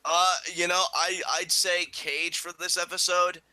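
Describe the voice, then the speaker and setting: A man's voice: sits high, little pitch movement, measured pace, a crowd in the background. A man co-hosting a casual wrestling review chat, talking with enthusiasm. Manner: enthusiastic, acts out quoted lines in bursts. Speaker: co-host reviewing wrestling episodes.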